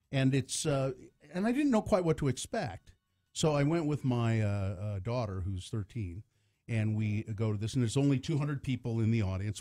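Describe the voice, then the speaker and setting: A middle-aged man hosts a radio show from the studio. He tells a story in relaxed conversation and laughs often. His voice moves all over his pitch range, lively and expressive. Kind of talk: casual radio talk.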